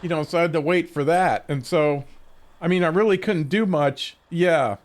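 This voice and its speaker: Streamer, male, higher pitch; loose, profane storytelling full of restarts, close desk mic. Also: normal speed. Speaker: game streamer. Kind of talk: casual stream chat.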